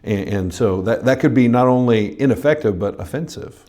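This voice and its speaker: A man hosting a pastors' podcast, asking his guest questions in a relaxed, joking way. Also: mid-range voice, normal speed. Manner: asks questions, jokes easily. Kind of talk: interview-style podcast conversation.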